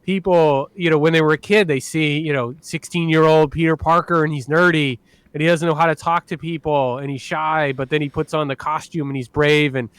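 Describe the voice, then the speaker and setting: A man's voice: fairly high pitch, steady tone, a little fast, fairly bright tone, clean tone, dry recording. A man co-hosting a casual podcast, enthusiastic and rambling with lots of fillers. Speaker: podcast co-host.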